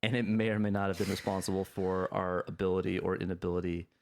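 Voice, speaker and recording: A man's voice: low-pitched, monotone, quick pace, creaky, darkish tone. A man hosting a podcast in casual chat, joking and rambling with many fillers and restarts. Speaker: podcast host.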